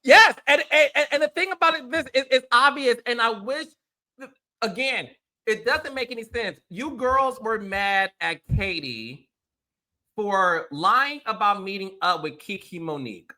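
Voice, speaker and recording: Bright, emphatic male reality TV commentator. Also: extremely high pitch, expressive, unhurried. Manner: blunt, emphatic, sarcastic, swears freely. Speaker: host.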